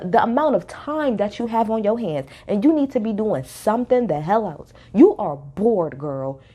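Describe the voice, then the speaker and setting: In a reality TV recap, a woman with a slightly high, dark-toned voice gives casual, opinionated commentary. She talks bluntly and sassily, repeating her points for emphasis.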